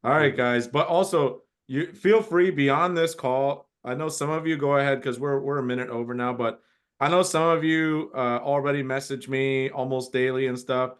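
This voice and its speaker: A man's voice: medium pitch, moderate pace. A middle-aged man hosting a casual group coaching call, talking in an encouraging, rambling way with frequent restarts.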